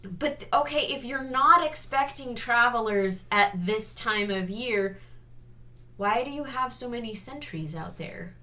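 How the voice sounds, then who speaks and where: A woman co-hosting a casual review chat, wry and critical, stretching words with dramatic pauses. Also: a little high, lively intonation, pushed and bright. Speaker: co-host reviewing a TV series.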